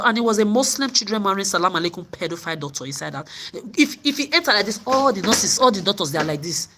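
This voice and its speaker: A woman's voice: medium pitch, animated, fast talker, hardly any pauses, fairly bright tone. A woman vlogger telling her story in an angry, profane rant, often repeating and stumbling over words. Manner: profane, repetitive stammering.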